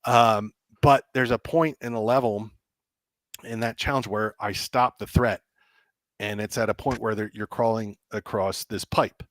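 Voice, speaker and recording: A man, a game developer guest on a podcast, telling an animated story and acting out the dialogue with lots of restarts. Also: fairly low pitch, unhurried, dry recording. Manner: excitable, acts out quoted dialogue, many restarts.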